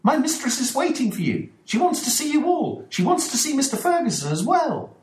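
A man voicing an excited young female maid in a storybook reading, high and announcing. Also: brisk, exaggerated voice. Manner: breathless, high-pitched announcing. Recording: echoey room.

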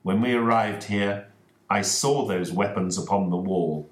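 A calm, precise detective with a low voice and a slow, measured delivery, as read by a male narrator. His pitch moves expressively, and the recording sounds roomy and echoing. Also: close to an everyday voice. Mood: explaining. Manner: measured explaining.

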